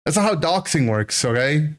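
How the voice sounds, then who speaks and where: A man in his thirties, a streamer, telling a childhood story to his chat in an animated, rambling way, full of "right?" and "like". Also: a little high, normal speed. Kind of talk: casual storytelling to a live chat.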